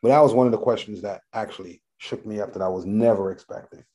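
A middle-aged man, a rapper guesting on an interview, telling animated stories, acting out voices and swearing freely. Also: lowish voice, quick pace, slightly rough. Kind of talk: casual storytelling interview.

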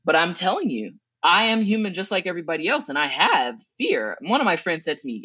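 Guest: lively woman from Southern California, casual storyteller, acts out her past thoughts with big pitch jumps, dull dry recording. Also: fast talker, hardly any pauses, slightly rough, no echo. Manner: swears casually and laughs between thoughts. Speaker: guest, educational consultant.

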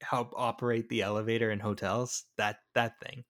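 A man co-hosting a podcast, talking casually about a film and often pausing to search for words. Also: mid-range voice, level tone, fairly bright tone. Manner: searching for words, hesitant, many fillers. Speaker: podcast co-host. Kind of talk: casual movie discussion.

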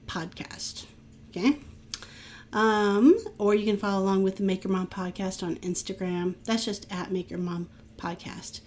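A woman's voice: medium pitch, warm tone. Upbeat woman podcast host. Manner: upbeat, laughs often, brisk sign-off plugs. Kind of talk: casual podcast chat and outro.

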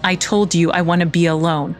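A woman's voice: on the low side, flat delivery, brisk, soft background music, close to an everyday voice. A woman voicing a troubled middle-aged mother who speaks curtly and guardedly. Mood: tense. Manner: curt, tense, guarded.

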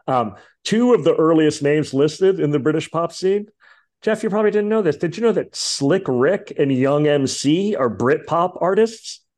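A man's voice: a little high, animated, normal speed, a little mellow. A man hosting a podcast, chatting casually about music in a rambling way with lots of fillers. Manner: rambling, many fillers and asides. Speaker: podcast host.

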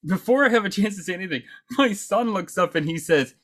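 A man's voice: sits high, moderate pace, few pauses, a bit bright. A man in his thirties co-hosting a podcast, telling a story casually with many fillers, restarts and laughs. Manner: chatty, laughs often, lots of fillers and restarts. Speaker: podcast co-host.

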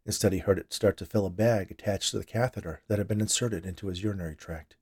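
A man reading a horror story aloud, quiet and low between the lines of dialogue. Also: quick pace, slightly rough. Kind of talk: dramatic horror narration.

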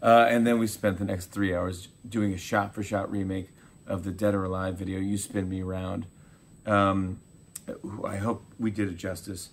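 A man in his forties, a talk show host being interviewed, telling animated stories and acting out quotes. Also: low voice, normal speed, a little hiss or hum. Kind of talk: casual interview chat.

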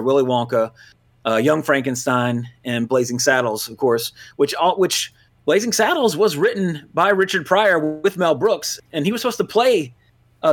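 A man from Louisiana, hosting a movie podcast in loose casual chat, full of fillers and self-corrections. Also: on the high side. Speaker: podcast host.

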